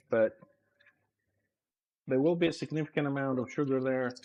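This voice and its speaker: A man's voice: fairly high pitch, a little fast, long pauses, darkish tone. A man chatting casually while he cooks on a live stream, thinking aloud as he works. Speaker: home cook streamer.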